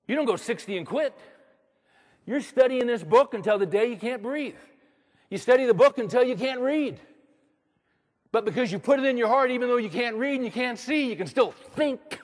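A man's voice: sits high, expressive, normal speed, big-room sound. A man preaching a sermon as a pastor, moving from storytelling to emphatic preaching.

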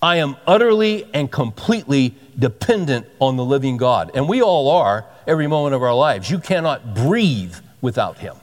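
A man's voice: medium pitch, very animated, normal speed, hardly any pauses. A man preaching a sermon as a pastor, conversational and emphatic, often repeating himself for stress. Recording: long hall reverb.

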